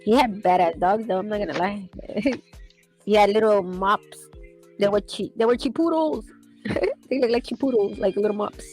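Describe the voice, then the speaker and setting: A woman's voice: medium pitch, normal speed, a little mellow, faint music behind, rough recording. Woman, loose casual storyteller, laughs a lot, swears easily. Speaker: streamer chatting while sketching. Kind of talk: casual chat.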